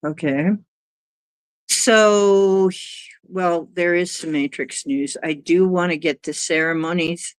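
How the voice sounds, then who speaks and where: A low-pitched woman hosts a casual livestream at an unhurried pace. She rambles and chats, sometimes cooing at her cat, and the sound is close and dry. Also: no room sound. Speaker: livestream host.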